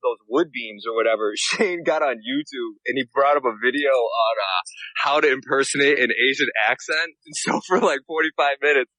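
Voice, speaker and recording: A man's voice: mid-range voice, normal speed, pushed and bright, no room sound, poor audio. A young man, a podcast guest, telling stories in a laid-back way and laughing easily. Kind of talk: casual chat.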